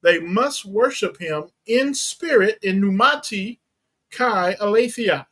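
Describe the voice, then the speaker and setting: A pastor giving a teaching sermon, reading and explaining Bible verses in a deliberate way and unpacking Greek words. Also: male voice, high voice, fairly bright tone, low-quality recording. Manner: slow, deliberate Bible exposition with Greek terms.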